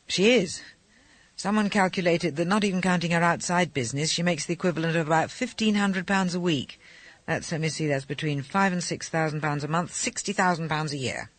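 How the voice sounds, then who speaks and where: A man's voice: fairly high pitch, brisk, a bit bright, dry recording, natural voice. A man reading an audiobook and voicing a chatty young male pilot passing on gossip. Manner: eager, chatty storytelling.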